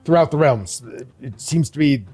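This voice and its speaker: A man running a tabletop game as game master, narrating in a halting way with many restarts. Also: fairly high pitch, lively intonation, a little mellow, slightly rough, faint music behind.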